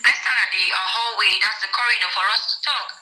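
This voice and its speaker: A woman's voice: mid-range voice, steady tone, quick pace, pushed and bright, reverberant, soft background music, low-quality recording. A woman from Cameroon telling a personal story in an interview, often quoting what others said. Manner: recounting, quotes others' words. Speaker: guest telling her story.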